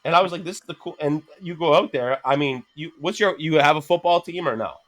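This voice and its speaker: Podcast guest, man in his thirties, slightly raised pitch, animated profane storyteller who plays out every quote. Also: quick pace. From Canada. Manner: animated, swears constantly, laughs mid-sentence, acts out quotes. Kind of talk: casual storytelling chat.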